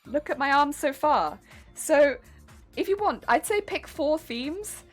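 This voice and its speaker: A young woman chatting bubbly and excitable as a craft streamer, talking while she sews. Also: high voice, a little slow. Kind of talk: casual livestream chat while sewing. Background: background music and sewing machine.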